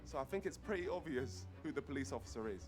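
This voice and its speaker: A man's voice: mid-range voice, animated, fast, music in the background. A man hosting a party guessing game, questioning players and announcing results in a playful way. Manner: playful, announcing, laughs often. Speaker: game show host.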